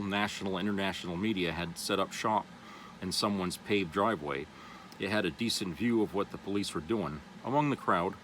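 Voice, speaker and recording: Brief: deep-voiced male vlogger, reads an article then rambles with fillers, faint vehicle hum behind. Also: a bit bright, poor audio. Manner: loose and rambling, with many "you know" fillers. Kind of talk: reading an article aloud, then casual commentary.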